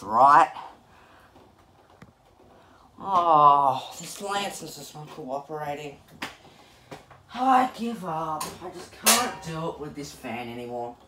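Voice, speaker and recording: Loud clattering and lots of noise surround this casual vlog, recorded with a faraway mic in an echoey room. The channel host, a man with a slightly high, very animated voice, speaks unhurriedly while smashing a fan in his small home studio and grumbling at the machine.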